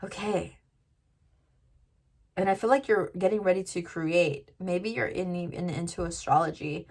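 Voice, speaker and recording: Woman, tarot reader, casual chatty reading, talks straight to viewers, slightly low pitch. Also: unhurried, darkish tone. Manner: chatty, lots of "like" fillers, addresses viewers directly.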